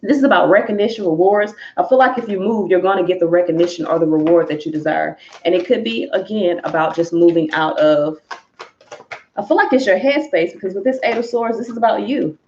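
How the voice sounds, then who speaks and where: A woman's voice: on the low side, brisk, a little mellow, echoey room, lo-fi sound, a little hiss or hum. A woman giving a live collective tarot reading to her viewers, talking candidly and emphatically with casual swearing. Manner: candid, profane, emphatic, addresses viewers as y'all. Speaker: tarot reader.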